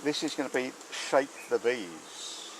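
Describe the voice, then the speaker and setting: A man's voice: mid-range voice, animated, slow pace, noisy background. A man, a beekeeper giving rambling, filler-heavy commentary outdoors at a hive, recorded on camera. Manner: chatty, rambling with many fillers. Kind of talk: casual hands-on commentary. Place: outdoors beside a beehive. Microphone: handheld or mounted camera. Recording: buzzing bees clearly heard behind. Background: buzzing bees.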